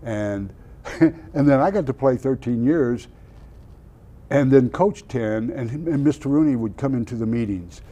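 In a storytelling interview, this older Oklahoma man, once a football player, recounts tales with animation and chuckles at his own expense. He has a medium-pitched voice and an unhurried delivery.

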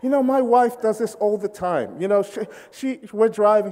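Man, British accent, high voice, humorous sermon, echoey hall. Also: moderate pace, few pauses. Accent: British English. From Britain. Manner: animated, acts out quoted voices, jokes with the crowd. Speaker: preacher. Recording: long hall reverb.

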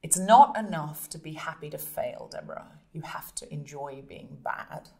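A woman voicing a calm older male mentor who gives advice softly and slowly. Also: deep voice, vocal fry. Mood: gently firm.

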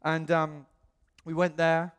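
British male pastor, lively storytelling sermon, slightly high voice, long church-hall reverb. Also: slow, clear, resonant tone. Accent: British English. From England. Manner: animated storyteller, acts out quoted voices. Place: church auditorium.

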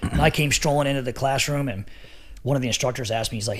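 As a podcast guest, a middle-aged man tells casual stories in a fast, medium-pitched voice, laughing often and swearing freely.

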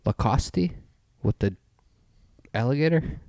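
A young man co-hosting a podcast in casual chat, loud and animated, laughing often. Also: medium pitch, slow pace, gravelly. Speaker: podcast co-host.

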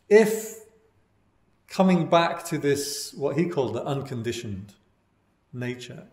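A man teaching meditation as a Buddhist monk, giving a dhamma talk in a relaxed storytelling way with wry asides. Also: mid-range voice. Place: meditation class in a room. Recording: roomy echo.

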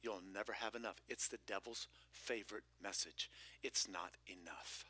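A man preaching a lively sermon as pastor of a church, shifting between loud exclamations and hushed whispers with playful asides. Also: lowish voice, moderate pace, breathy edge. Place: church sanctuary.

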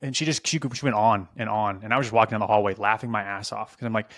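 A young adult man casually telling funny stories on a podcast, animated and profane, with frequent restarts. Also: lowish voice, quick pace. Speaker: podcast co-host. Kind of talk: casual storytelling chat.

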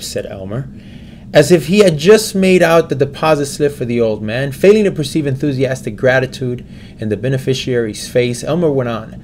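A man reading a story aloud in a steady way, with small slips and restarts. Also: medium pitch, normal speed, a little hiss or hum.

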